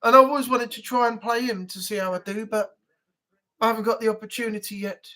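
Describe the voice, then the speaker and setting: A man's voice: high-pitched, steady tone, fast talker, sharp tone. A man hosting a casual live-stream chat, talking in a rambling, easygoing way with frequent laughs.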